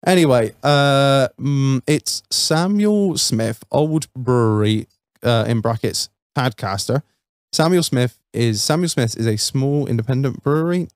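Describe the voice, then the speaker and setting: A man's voice: mid-range voice, a little slow, dry recording, clean studio sound. A man hosting a podcast, swearing freely and laughing through rambling banter over a beer. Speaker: podcast host. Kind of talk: casual pub-style banter. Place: home studio with a fridge nearby.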